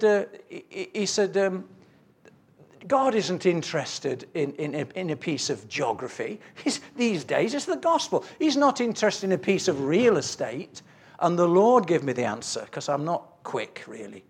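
Guy preaching a sermon, high lively voice, earnest, reads scripture out. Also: slightly rough. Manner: earnest, storytelling with quoted dialogue and scripture reading.

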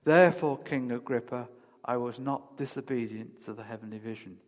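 A man's voice: mid-range voice, moderate pace, long reverb tail, dull audio. A man preaching a sermon, reading scripture aloud and then speaking with rising emphasis.

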